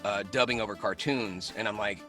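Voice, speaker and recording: A man guest talks quickly in a bright, forceful voice and tells animated stories with frequent laughs. His voice sits slightly low. Faint music plays behind him. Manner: animated storyteller who laughs often. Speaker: voice actor guest. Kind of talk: casual interview chat.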